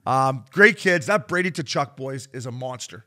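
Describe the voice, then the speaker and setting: A man's voice: mid-range voice, lively intonation, normal speed, sharp tone. A man in his thirties co-hosting a sports podcast, telling profane stories and retelling quotes in other voices. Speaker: podcast co-host. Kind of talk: casual sports chat.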